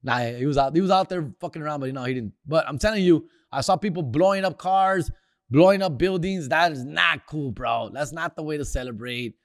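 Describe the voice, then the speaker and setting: A man's voice: fairly high pitch, brisk, dry recording, clean studio sound. Slangy man ranting about sports. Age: older. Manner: slangy, profane, mixes Spanish words into English. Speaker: comedian hosting a sports segment. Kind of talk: casual sports rant.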